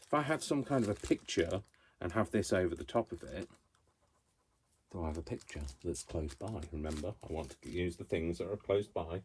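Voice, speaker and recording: Low-voiced man, self-deprecating craft vlogger, chatty and rambling, paper crinkling faintly behind. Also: lively intonation, normal speed, a little hiss or hum. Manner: rambling, self-mocking, talks to himself while working. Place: craft room at home.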